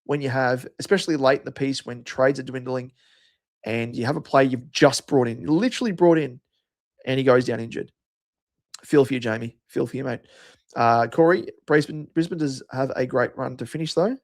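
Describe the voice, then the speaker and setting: A man with an Australian accent hosts a livestream, chatting casually and answering viewers' comments by name. His voice is mid-range and his pace moderate.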